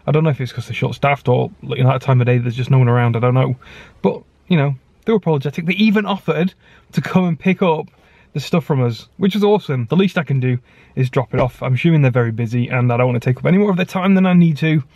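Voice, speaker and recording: A man narrating his day in a casual vlog, chatty and quick to rant when annoyed. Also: medium pitch, darkish tone, dull audio. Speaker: vlogger.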